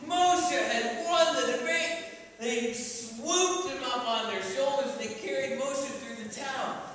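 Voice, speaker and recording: High voiced guy telling a folktale live, playful, big echoey hall, mic far away. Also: slow, a little hiss or hum. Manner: animated, playful, checks in with audience. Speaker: storyteller.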